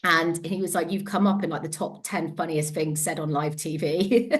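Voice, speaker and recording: Chatty Devon woman with a lowish voice. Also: normal speed. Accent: Devon English. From England. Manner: animated and chatty, restarts sentences, laughs often. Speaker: guest, empowerment coach. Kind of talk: casual interview storytelling.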